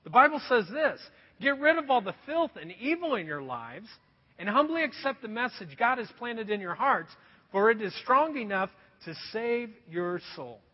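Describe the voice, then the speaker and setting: High-voiced husky preacher in a hall. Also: male voice, big pitch swings, normal speed. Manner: earnest storytelling preacher, addresses the crowd as folks. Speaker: pastor. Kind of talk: sermon. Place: church hall. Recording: dull echoey hall recording.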